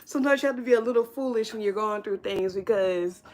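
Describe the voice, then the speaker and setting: A woman's voice: mid-range voice, quick pace, darkish tone. Woman, tarot reader, casual livestream, chatty, reassuring, tags questions onto her points. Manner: chatty and reassuring, with many "right?" tag questions.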